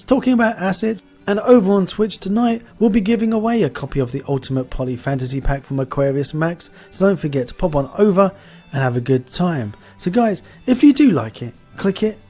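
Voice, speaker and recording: A chatty, enthusiastic man hosts a casual online interview, his voice sitting a little high for a man. Faint guitar music plays behind him. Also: lively intonation, fairly quick, a little mellow. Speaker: host.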